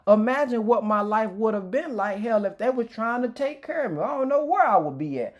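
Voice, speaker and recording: A man's voice: high-pitched, animated, brisk, muffled recording. A man giving an informal, emotional personal testimony as a motivational speaker, candid and reflective, often restarting his sentences.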